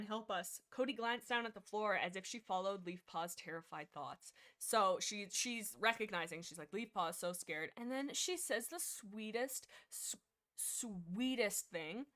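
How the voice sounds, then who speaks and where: A young woman hosting a casual book discussion livestream, rambling excitedly with many fillers and restarts. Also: medium pitch. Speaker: livestream host.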